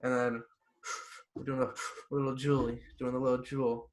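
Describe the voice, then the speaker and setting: A young man hosting a podcast in casual chat, blunt, animated and full of profanity. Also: medium pitch, normal speed. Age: young adult. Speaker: podcast host.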